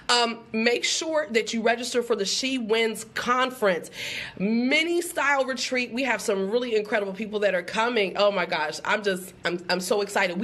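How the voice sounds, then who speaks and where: High-voiced emphatic woman live-streaming. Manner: emphatic and animated, with quick laughs and mock-quoted voices. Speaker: motivational speaker hosting a live stream. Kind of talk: live-stream pep talk.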